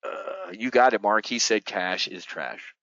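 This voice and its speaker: A man hosting a live trading show, talking bluntly and profanely in a loud-and-quiet rant to his viewers. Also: lowish voice, a little slow, no room sound. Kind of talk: live-streamed market commentary. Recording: dull lo-fi stream audio.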